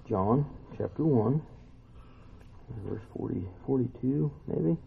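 A man preaching a casual sermon in a conversational, animated way, acting out the voices of the people he quotes. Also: mid-range voice, creaky, husky. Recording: tinny lo-fi phone-like recording.

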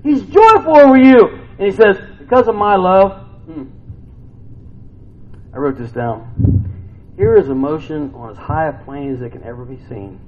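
A man preaching a sermon in a conversational way, asking rhetorical questions, humming to himself, and swinging between soft, low scripture reading and loud, excited outbursts. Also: moderate pace, long pauses, highs cut off, slight background noise.

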